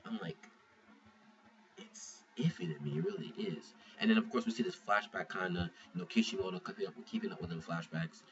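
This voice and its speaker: This man's mid-range voice is gravelly. He goes over a manga chapter in a relaxed, wandering way, cursing often and starting his sentences over again and again. A distant, muffled lo-fi mic captures him, with a light hiss underneath.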